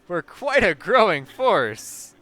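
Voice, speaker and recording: A man playing a blunt deadpan Reaper. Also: high voice, slow pace, voice pushed up, exaggerated voice. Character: reaper calling himself Death, deadpan and blunt.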